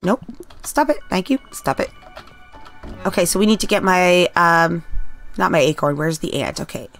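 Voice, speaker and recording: A woman's voice: lowish voice, a little fast, a bit bright, soft background music. A middle-aged woman with a Canadian accent, chatting casually with viewers while she streams a video game. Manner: rambling, chatty, talks to chat viewers. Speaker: let's play streamer. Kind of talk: casual live-stream gameplay chat.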